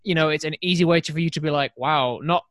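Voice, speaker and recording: A man's voice: on the high side, fast, a bit bright, no echo, clean studio sound. A man co-hosting a casual podcast chat, rambling and correcting himself, laughing often.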